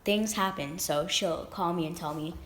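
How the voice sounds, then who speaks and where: A woman's voice: lowish voice, normal speed, fairly bright tone. A young woman vlogger rambling through a casual story, with lots of fillers and restarts.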